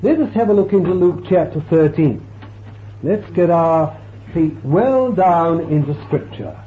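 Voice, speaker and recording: A man's fairly high, expressive voice rises and falls as he preaches, quoting scripture and explaining it in a slow, emphatic, dramatic way marked by swells and drops. The audio is lo-fi and tinny with faint hiss.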